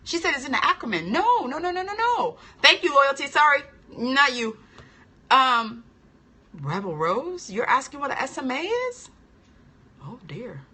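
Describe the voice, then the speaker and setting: A woman hosting a casual live-stream chat as an esthetician trainer. She is chatty and animated, answers viewer comments, and laughs often. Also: high-pitched, moderate pace. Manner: playful and expressive, laughs often.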